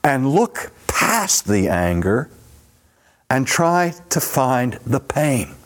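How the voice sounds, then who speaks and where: A man giving a teaching lecture, speaking deliberately and posing rhetorical questions to his listeners. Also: mid-range voice, big pitch swings.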